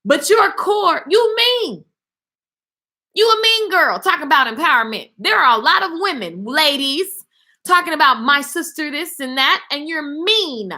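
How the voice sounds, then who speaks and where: Bright, high-voiced woman preaching to viewers. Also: a little slow. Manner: animated, preachy, talks straight to viewers. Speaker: motivational speaker and singer. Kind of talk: live-stream motivational talk.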